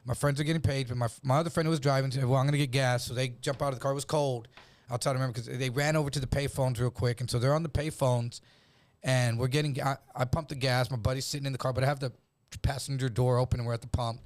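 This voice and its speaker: A middle-aged man, a comedian guest, telling a rough, profane story in casual chat and acting out the people in it. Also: medium pitch, fast. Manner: animated, profane, acts out voices in his story.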